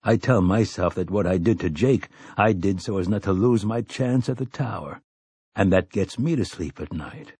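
A man voicing a cold, blunt gunslinger in an audiobook, speaking low, slow and quietly menacing. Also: breathy edge, dry recording. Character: stern weathered male gunslinger, cold and blunt.

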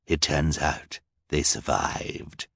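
A man voicing a scheming, vain male villain in a gruff, gloating voice. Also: a bass voice, sing-song, slow pace, fairly bright tone, no room sound, clean studio sound, voice pushed down, full character voice.

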